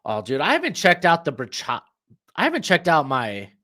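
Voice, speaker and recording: A man's voice: on the high side, huge pitch swings, moderate pace, sharp tone. Rambling young man live-streaming. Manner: rambling, jokey, talks to chat and his dog. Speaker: streamer hosting a watch-along. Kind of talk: casual live-stream chat and game reactions.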